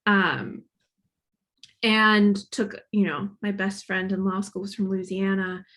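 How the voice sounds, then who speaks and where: A woman in her thirties from Northern Kentucky speaks slowly in a mid-range, slightly bright voice with fairly even intonation. Her Midwestern accent carries a slight Boston inflection. As a guest author at a library event, she talks casually and reflectively, thinking aloud.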